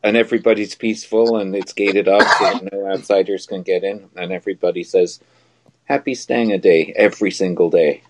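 A man with a fairly low voice joins a casual livestream chat. He is playful and jokey, spinning silly scenarios with easy laughs. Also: flat delivery, fairly quick, few pauses, heavy background noise.

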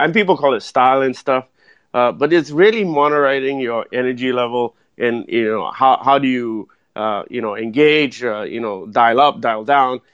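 A man giving animated speaking advice as a guest in a podcast interview, full of "right?" tag questions. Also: mid-range voice, no echo. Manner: energetic, keeps asking "right?" and tacking on "though". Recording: dull lo-fi dry sound.

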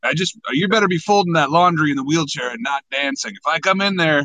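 A man putting on a gruff, flustered sitcom dad. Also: a little high, fast talker, crowd noise, natural voice. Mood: scolding. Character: middle-aged dad cooking dinner, gruff. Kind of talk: improvised role-play.

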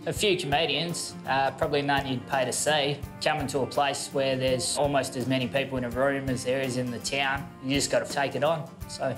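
A man's voice: medium pitch, level tone, brisk, hardly any pauses, over music. A man in his thirties with an Australian accent, doing a laid-back, self-mocking stand-up set. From Western Australia. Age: 30s. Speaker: stand-up comedian. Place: large comedy festival theatre. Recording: reverberant theatre with loud crowd.

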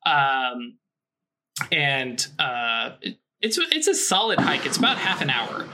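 A man narrating a tabletop role-playing game as game master, rambling and amused with many pauses. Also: medium pitch, very animated, bright, forceful tone.

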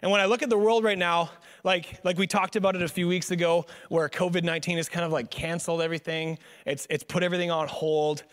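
Young guy pastor preaching casual, high voice, jokey rambling, echoey church hall. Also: fast talker. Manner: joking, animated storytelling with many fillers. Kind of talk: casual sermon. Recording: long hall reverb.

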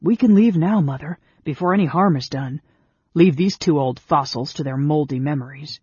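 A man putting on a haughty young dark knight. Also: fairly high pitch, normal speed, slightly rough, dry recording, lo-fi sound. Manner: cold, proud and triumphant.

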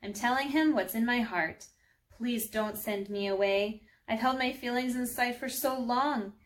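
A woman's voice: on the high side, unhurried, voice pushed up, natural voice. A devout woman speaks earnestly and pleadingly in a children's storybook reading, as a woman reader takes her part. Her voice is heartfelt and sincere. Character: sorrowful devout praying woman.

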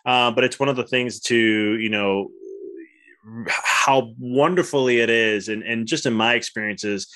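A man's voice: medium pitch, measured pace, a bit bright. A man hosting a podcast, talking in an enthusiastic, rambling way with many restarts. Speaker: podcast host, chiropractor. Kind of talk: casual interview chat.

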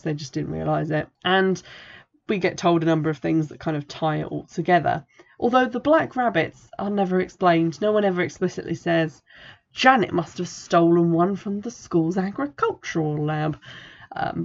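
A woman's voice: low-pitched, vocal fry, a little mellow. A woman hosting a podcast who gives a sarcastic, exasperated book review and reads passages aloud. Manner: sarcastic, exasperated, swears casually. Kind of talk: casual spoken review with reading aloud. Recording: dull lo-fi recording.

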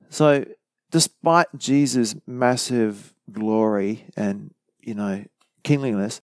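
A man's voice: medium pitch, darkish tone, dry recording. A man giving a conversational bible study sermon, explaining verse by verse with casual asides. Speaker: bible teacher.

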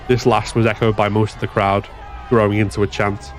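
A man giving a steady, measured scripted narration of a story. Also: fairly low pitch, faint music behind, a faint crowd.

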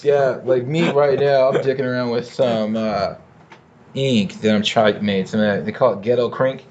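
A laid-back man co-hosting a podcast, easygoing and slangy, with swear words sprinkled through his talk. His voice has an average pitch, and the recording sounds dull and muffled. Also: steady tone, normal speed, a little mellow, a little hiss or hum. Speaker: podcast co-host. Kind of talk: casual chat.

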